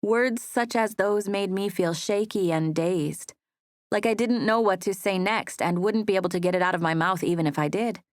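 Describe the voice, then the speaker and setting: A woman narrating a first-person romance audiobook in a soft, wistful manner. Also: mid-range voice, normal speed, dry recording, studio quality.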